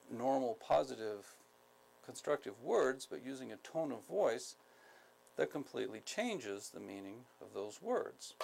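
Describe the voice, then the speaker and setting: A man from the United States giving a skills training lecture, speaking deliberately, repeating key points, with many ums. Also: medium pitch, gravelly, a little hiss or hum, rough recording. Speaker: instructor.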